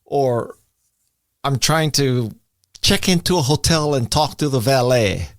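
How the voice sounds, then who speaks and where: An older man from Hawaii telling stories with a chuckle as the guest in a relaxed interview. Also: medium pitch, measured pace, dry recording, clean studio sound. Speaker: podcast host, interviewed guest. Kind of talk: casual interview conversation.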